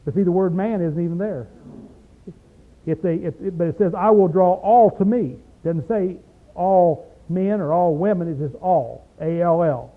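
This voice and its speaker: A man's voice: fairly high pitch, moderate pace. A man preaching a sermon in a small room in an emphatic, folksy way, recorded on tape. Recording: tinny phone-like tape recording.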